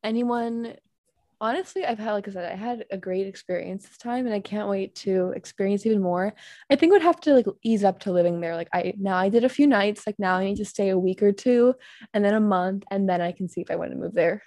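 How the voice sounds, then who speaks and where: A woman's voice: medium pitch, fairly quick, dark tone, no room sound. Chatty young woman co-hosting, dry close sound. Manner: chatty, giggly, heavy use of "like". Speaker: podcast co-host. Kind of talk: casual chat.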